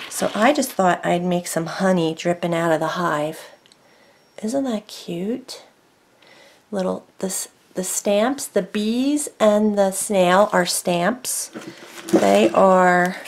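A woman's voice: fairly low pitch, gravelly, a little hiss or hum. A woman showing her craft work in a casual chat, rambling with many fillers and self-corrections at her desk at home. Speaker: craft vlogger. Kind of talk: casual show-and-tell chat.

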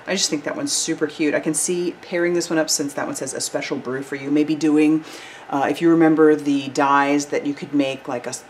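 A woman's voice: deep voice, a little hiss or hum. A woman hosting a card-making channel, chatting enthusiastically through a product review with casual fillers.

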